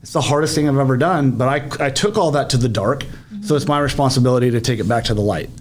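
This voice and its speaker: A man co-hosting a podcast, telling a story in an animated, profane way in casual chat. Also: medium pitch, fast. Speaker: podcast co-host.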